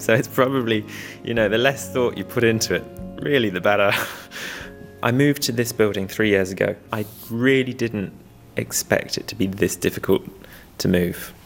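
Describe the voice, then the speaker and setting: A man with a low, gravelly voice talks about weaving in a documentary interview. He rambles a little, makes fun of himself and chuckles now and then. His tone stays easy and unhurried. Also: faint music behind. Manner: self-deprecating, chuckling, rambling. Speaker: weaver restoring old looms.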